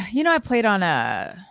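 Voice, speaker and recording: A woman co-hosting a casual podcast, telling a story with animated, acted-out quotes. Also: mid-range voice, slow, creaky, no echo, clean studio sound. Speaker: podcast co-host. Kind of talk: casual chat.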